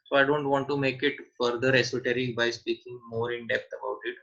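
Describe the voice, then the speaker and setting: A man's voice: medium pitch, level tone, a little fast, creaky, a bit bright, lo-fi sound. A man teaching a scripture seminar online, answering questions and repeating key points with emphasis.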